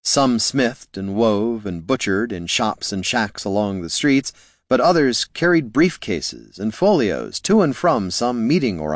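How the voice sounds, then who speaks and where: Low-voiced man narrating an audiobook. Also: dry recording, studio quality. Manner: steady storytelling.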